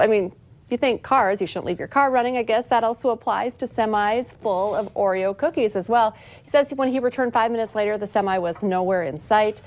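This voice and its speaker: A woman anchoring a local TV newscast, reading light stories and bantering playfully with her co-host. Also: mid-range voice. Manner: chatty, playful, reads stories then jokes along. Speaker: TV news anchor. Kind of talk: casual on-air banter between news stories. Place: TV news studio.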